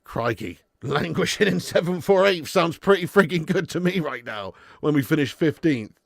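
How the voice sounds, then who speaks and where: A man's voice: fairly high pitch, lively intonation, normal speed, gravelly, no echo, studio quality. A man hosting a live football watch-along stream, reading out donations and bantering with viewers in a chatty manner with frequent laughs.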